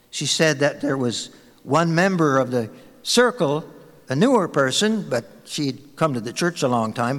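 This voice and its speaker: Storytelling male pastor, lively pitch. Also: big-room sound. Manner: storytelling, conversational, warm anecdotes. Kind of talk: sermon.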